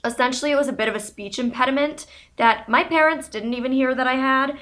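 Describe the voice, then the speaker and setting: A woman in her twenties from Canada, chatting candidly to camera and telling a story about her childhood in a relaxed, conversational way. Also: sits high, quick pace. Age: 20s. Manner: chatty, candid, with laughs and fillers. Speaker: YouTuber.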